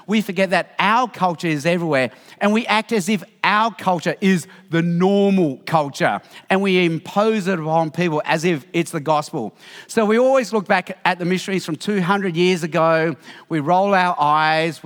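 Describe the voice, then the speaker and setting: A man's voice: high voice, big-room sound. A middle-aged Australian man giving a Christian teaching talk, telling stories and acting out what people said. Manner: lively storytelling, acts out quotes.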